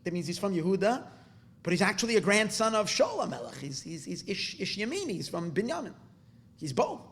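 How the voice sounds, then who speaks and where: A man, a rabbi, teaching a Torah class to a live audience in an animated, excitable way, often repeating words and restarting, with Hebrew terms woven into his talk. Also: high-pitched, a little fast.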